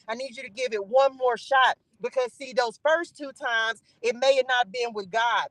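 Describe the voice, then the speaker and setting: A woman's voice: a little high, fairly bright tone, dry recording, rough recording. A woman hosting a channel who delivers an informal spiritual message. She preaches, calls out to the Spirit and repeats phrases for emphasis. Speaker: spiritual reader and channel host.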